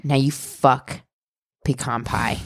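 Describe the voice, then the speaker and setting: A woman's voice: rumbling low, fairly even intonation, takes it slowly, no room sound, clean studio sound. A woman co-hosting a podcast, playful and bawdy in her jokes. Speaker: podcast co-host. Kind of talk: casual chat.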